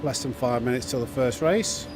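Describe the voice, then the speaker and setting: A man with a medium-pitched voice speaks at normal speed on a live stream while music plays in the background. Chatty and casual, he reads chat aloud, restarting sentences often and using fillers.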